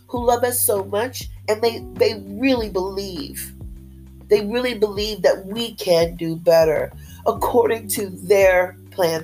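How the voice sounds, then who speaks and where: A woman's voice: mid-range voice, a little mellow, low-quality recording. A woman giving an upbeat, faith-based motivational talk straight to her listeners. She talks with a lot of pep and repeats her phrases for emphasis. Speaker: motivational speaker.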